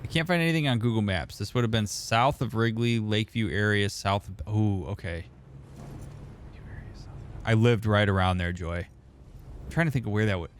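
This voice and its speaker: Young male streamer, low-ish voice, relaxed and chatty, calls viewers by name. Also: normal speed, long pauses, a little hiss or hum. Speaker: therapist streamer reading chat. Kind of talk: casual gaming stream chat.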